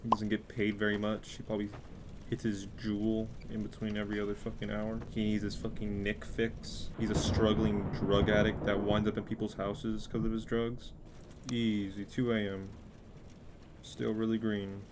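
A young man giving crude, joking let's play commentary while playing a horror game, swinging between yelling and muttering. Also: on the low side, completely flat delivery, moderate pace, noisy background. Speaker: gaming youtuber.

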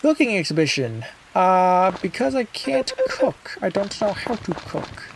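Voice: medium pitch, background noise. Offhand, muttering gaming streamer. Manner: mumbling, offhand, muttering to self. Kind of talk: casual let's play commentary.

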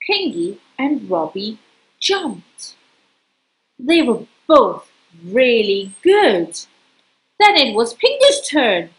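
Female storyteller, higher than average voice, lively sing-song delivery, reads a picture book to a small child unhurriedly. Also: drawn-out words, long pauses, rough recording.

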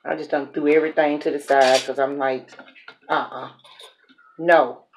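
Here the vlogger grills a burger in her home kitchen and talks to the camera, walking herself through the process and chuckling at her own slip-ups. Her low-pitched voice comes out flat and brisk. Background noise is audible.

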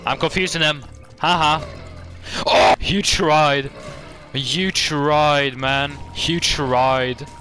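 A man hosting a gaming channel, giving excitable, jokey gameplay commentary full of swearing and sudden outbursts. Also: on the high side, takes it slowly, soft background music.

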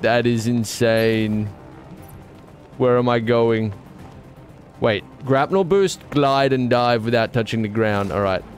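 A young man streaming a video game live, commenting in an excitable, jokey and self-mocking way. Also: mid-range voice, takes it slowly, long pauses, faint music behind.

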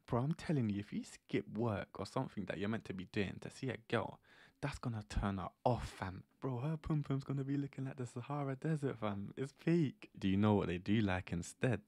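Brief: young man, brash and animated slangy monologue, dry close sound. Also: medium pitch, fairly quick, no echo. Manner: animated, brash, laughs often. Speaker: vlogger giving dating advice.

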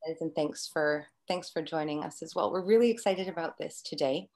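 A woman's voice: low-pitched, a little fast, darkish tone. A woman moderating a live Q&A panel over a video call, upbeat and effusive, laughing easily as she introduces guests.

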